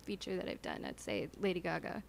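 A woman guest on a talk show, a DJ and actress, talking casually with many pauses and fillers. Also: fairly low pitch, gravelly, slight background noise. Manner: relaxed, hesitant with many fillers.

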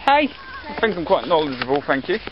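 A man's voice: fairly high pitch, very animated, fast. Playful young man vlogging outdoors. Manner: playful, jokey, laughs a lot. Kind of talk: casual handheld vlog banter. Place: outdoors in a park. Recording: dull lo-fi camcorder audio, loud hiss.

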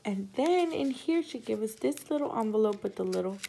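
A woman hosting a casual unboxing chat from her home craft room. She gushes excitedly, often gasps, and keeps calling viewers "you guys.". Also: on the high side, brisk, gravelly, background noise. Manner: gushing and excitable, often gasping. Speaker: crafting channel host.

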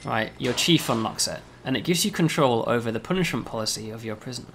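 A man, a game developer, casually explaining a game demo, often pausing on "um" and checking with "right?". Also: mid-range voice, expressive, a bit bright, a little hiss or hum.

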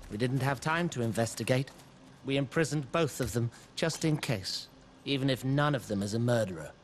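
An actor playing a stern male guard in a video game, giving a calm, measured report. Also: mid-range voice, slight background noise, natural voice. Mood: matter-of-fact. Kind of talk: video game character dialogue.

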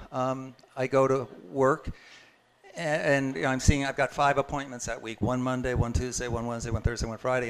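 A man's voice: medium pitch, smooth. A man sharing a personal testimony in a casual, conversational storytelling way, chuckling and restarting his sentences as he goes. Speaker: guest speaker sharing a testimony.

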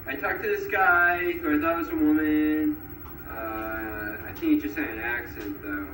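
A man's voice: a little high, normal speed. A young man casually telling a rambling story, acting out what people said. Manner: rambling, animated, acts out quotes. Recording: roomy, distant, noisy recording.

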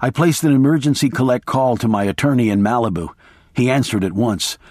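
A man's voice: mid-range voice, a little fast, darkish tone, dry recording, studio quality. A man giving intense, sardonic first-person audiobook narration.

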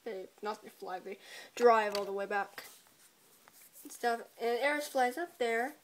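A woman with a slightly high voice rattles through a joking episode recap. She is irreverent and giggly, swearing often and breaking into laughter. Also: unhurried, a little hiss or hum. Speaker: video reviewer.

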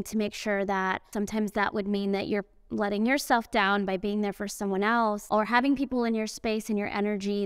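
A woman's voice: medium pitch, smooth, dry recording, clean studio sound. A young woman speaking on a panel at an event, chatting casually with lots of fillers and asides. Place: event venue indoors.

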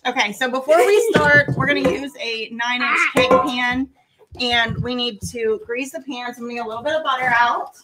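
Middle-aged woman, cooking stream host, talks through each step; higher voice, noisy home kitchen. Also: expressive, fairly quick. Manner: explains each step while chatting. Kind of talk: casual cooking livestream chat. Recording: home kitchen with loud background noise.

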